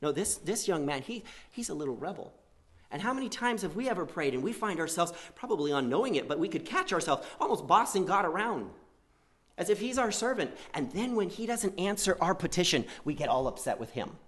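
A man preaching a sermon, swinging between loud emphatic lines and quiet asides, and acting out quoted prayers. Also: high voice, big pitch swings, brisk. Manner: acts out quoted prayers in a pleading voice.

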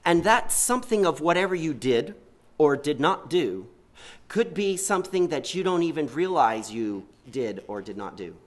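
Earnest preacher man with lively pitch. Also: normal speed. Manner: earnest, uses rhetorical questions. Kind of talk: sermon.

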